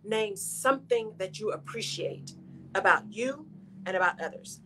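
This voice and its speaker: A woman's voice: mid-range voice, lively intonation, unhurried, bright, forceful tone, slight background noise. A middle-aged woman hosts a radio show, giving an earnest, encouraging motivational talk straight to her listeners.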